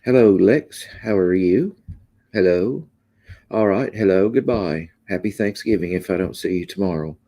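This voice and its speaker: Deep, mellow male livestream host, easygoing drawl with lots of ums. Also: normal speed. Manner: laid-back, drawling, trailing off with ums. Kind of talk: casual livestream chat reading comments.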